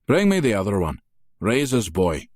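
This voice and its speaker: A man's voice: lowish voice, wildly swooping pitch, moderate pace, a little mellow, no room sound, studio quality. A male narrator voicing a scornful, menacing Irish mob boss with an Irish brogue in an audiobook. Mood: gloating. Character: mocking brutal Irish mob boss, older man. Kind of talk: audiobook character voice.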